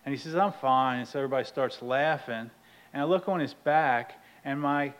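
A man sharing a humorous personal story at a recovery meeting, animated and laughing often. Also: medium pitch, brisk, highs cut off. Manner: animated, laughs often, acts out his own outbursts loudly.

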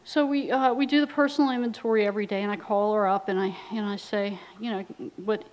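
A middle-aged woman telling her recovery story at a meeting, acting out the dialogue with lively, often laughing delivery. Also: mid-range voice, fast talker, dull audio.

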